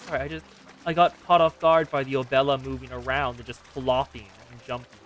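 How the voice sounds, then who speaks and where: A man's voice: mid-range voice, flat delivery, a little fast, a bit bright, far from the mic, dull audio, a little hiss or hum. A young man streaming a game, chatting casually, muttering to himself, swearing and talking to objects on screen. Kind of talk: casual gameplay commentary.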